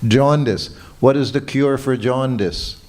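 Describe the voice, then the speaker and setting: A man's voice: mid-range voice, measured pace, a little mellow. An older man giving a morning class at a temple, telling personal stories in a reminiscing, chuckling way. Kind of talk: anecdotal temple lecture. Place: temple hall.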